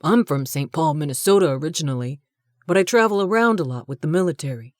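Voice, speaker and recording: A woman's voice: low-pitched, expressive, fast talker, no echo. Woman reading as a cocky young male show-off. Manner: brash, boastful.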